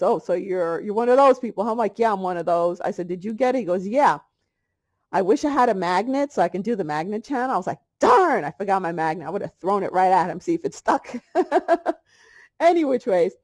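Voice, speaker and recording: A woman's voice: mid-range voice, a little mellow. A middle-aged woman vlogging about holistic health, telling a story in a chatty way and acting out both sides of a conversation. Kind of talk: casual spiritual monologue.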